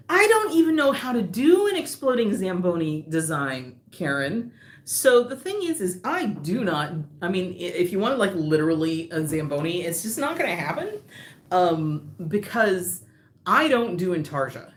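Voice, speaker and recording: Chatty woman knitting host, low voice. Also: roomy sound. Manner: chatty, wandering off on tangents, laughs often. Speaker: knitting designer hosting a live stream. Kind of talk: casual live-stream chat.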